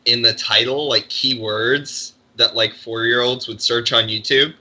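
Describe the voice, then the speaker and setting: Podcast co-host, male, very bright sharp tone, rambling casual delivery. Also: medium pitch, steady tone, measured pace, rough recording. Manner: rambling, heavy use of "like" and restarts.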